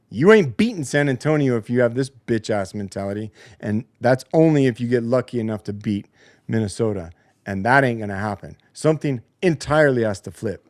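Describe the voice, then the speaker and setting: A man in the middle of a heated, profanity-laced post-game basketball rant, sounding like a show host tearing into a team. His voice sits at an ordinary middle pitch. The recording is dry and close, with no room echo. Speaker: podcast host. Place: home basement studio.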